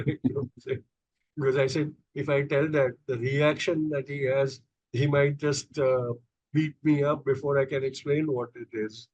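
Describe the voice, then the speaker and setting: Guesting on a podcast, a middle-aged Indian man shares personal stories in a halting, chatty way, with plenty of fillers and restarts. He speaks at normal speed in a level, slightly mellow medium-pitched voice, recorded lo-fi without room sound.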